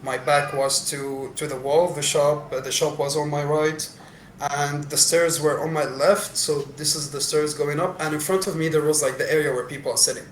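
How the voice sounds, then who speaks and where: A young man from Syria, a podcast co-host telling a story casually, animated, laughing often, with many fillers. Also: a little high, normal speed, a little hiss or hum. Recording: echoey room.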